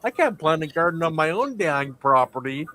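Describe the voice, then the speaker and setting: A laid-back man hosts a casual livestream chat. His voice sits a little high for a man, and he talks in loose, friendly bursts. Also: very animated, normal speed, bright, forceful tone, no echo. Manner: laid-back, chatty, thanks guests and plugs the channel. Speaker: host.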